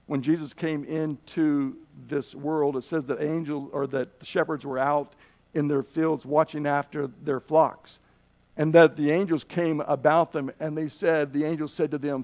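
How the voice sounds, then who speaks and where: A man teaching a Bible lesson in a sermon style, telling stories earnestly and slowing down on key words. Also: on the high side, gravelly, a little mellow. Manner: earnest storytelling, slows down for emphasis. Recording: dull lo-fi recording.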